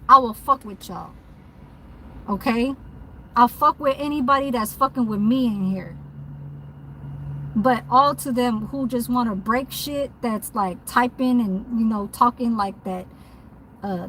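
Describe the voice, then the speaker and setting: A woman's voice: a little high, pushed and bright, a little hiss or hum, poor audio. A woman who works as a mobile nail tech, ranting bluntly and profanely in a casual vlog from her parked car.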